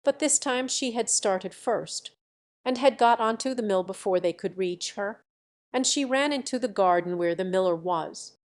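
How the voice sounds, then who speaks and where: A woman reading a classic fairy tale aloud as an audiobook narrator, expressive and lively. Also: mid-range voice, normal speed. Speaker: audiobook reader. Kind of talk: storybook narration.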